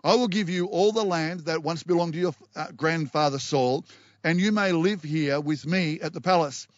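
Male pastor, fervent sermon, fairly high voice, dry dull sound. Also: normal speed, dry recording. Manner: passionate preaching, reads scripture aloud, repeats words when excited.

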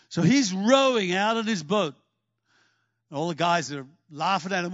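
A man preaching a sermon, telling stories with lively energy and acting out the scenes he describes. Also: sits high, normal speed, dry recording, dull audio. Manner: animated storytelling, acts out scenes.

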